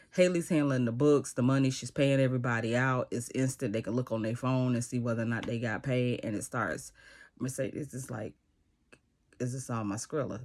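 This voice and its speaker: A man casually recapping a TV episode, retelling scenes in a lively way and acting out the characters' lines. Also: medium pitch.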